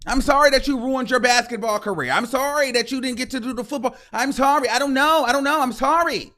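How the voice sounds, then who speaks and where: High-voiced man ranting. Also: fast, bright, forceful tone. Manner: heated, repetitive, sarcastic, swears freely. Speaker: host. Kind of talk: ranting livestream commentary.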